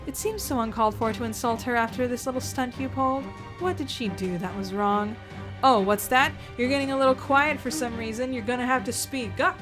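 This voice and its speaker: A woman's voice: a little high, a little fast, over music. A woman reading a story aloud, theatrical and sarcastic, with asides to the listener. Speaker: reader reacting to fan fiction.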